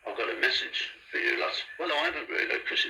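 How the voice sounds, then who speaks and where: A man giving blunt shout-outs and complaints in a casual, profane monologue. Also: fast talker, a little hiss or hum, low-quality recording. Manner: blunt, swears freely. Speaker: vlogger.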